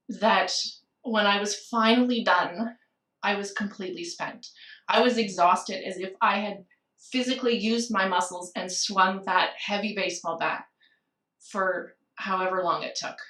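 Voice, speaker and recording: A middle-aged woman, a podcast guest, telling a personal story candidly and with emotion, slowing down and laughing softly at times. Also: mid-range voice, fairly even intonation, roomy sound, recorded from a distance. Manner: candid and emotional, with soft laughs and slowed phrases.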